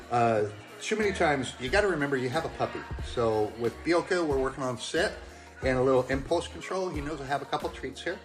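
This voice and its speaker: A man working as a dog trainer, giving calm, plain-spoken advice to the camera in an even tone, with occasional ums and uhs. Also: medium pitch. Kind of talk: instructional talk to camera.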